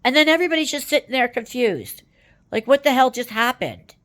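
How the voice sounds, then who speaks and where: A woman's voice: sits high, expressive, a little fast, a bit bright. A woman from Canada giving casual political commentary, exasperated and rambling, with many fillers and tag questions.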